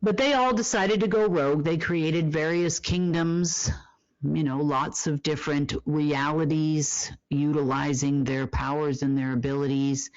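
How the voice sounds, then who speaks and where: A host delivering a monologue report, asking rhetorical questions and answering them, with drawn-out emphasis and frequent fillers. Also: medium pitch, fairly even intonation, no echo, dull audio.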